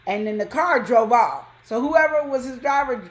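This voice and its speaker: A woman casually telling a personal story on a talk show, acting out quotes with sudden high jumps in pitch. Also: normal speed. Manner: animated, acts out quotes with big pitch jumps. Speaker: co-host.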